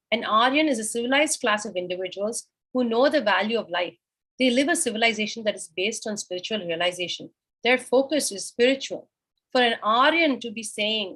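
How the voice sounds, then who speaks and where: A woman's voice: a little high, animated, normal speed, a bit bright, husky, rough recording. A woman teaching a scripture class, explaining a sacred text verse by verse and asking and answering her own questions.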